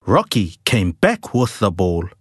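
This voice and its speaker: A man reading a children's picture book aloud, with a slow, lively read-aloud manner. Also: fairly low pitch, breathy edge, no echo, clean studio sound. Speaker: storybook reader.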